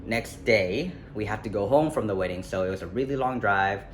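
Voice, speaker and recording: Low-voiced man rambling through a story. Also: fairly quick. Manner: rambling, self-correcting, many fillers and "like". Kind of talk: casual storytime vlog. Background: faint street ambience, passing traffic.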